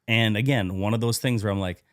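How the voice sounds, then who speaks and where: A man's voice: fairly low pitch, brisk, fairly bright tone, no echo, clean studio sound. Candid, swearing man telling his story. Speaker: podcast guest. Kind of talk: casual storytelling interview.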